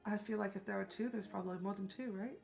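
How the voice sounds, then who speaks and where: A woman's voice: mid-range voice, steady tone, fast talker, gravelly, darkish tone, faint music behind. Earnest, reassuring woman player. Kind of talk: in-character tabletop role-play.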